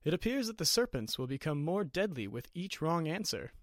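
A man voicing an excitable, fond wizard who gives urgent, rising warnings. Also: fairly high pitch, a little fast, dry recording, studio quality, pitched above the performer's own voice. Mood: earnest.

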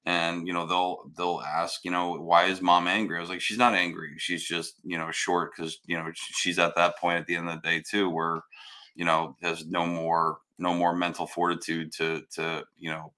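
A man with a low, bright and forceful voice chats casually about family life. He is loud and blunt, swears often, and stumbles through restarts as he talks. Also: completely flat delivery, normal speed. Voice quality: hard of hearing. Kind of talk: casual chat.

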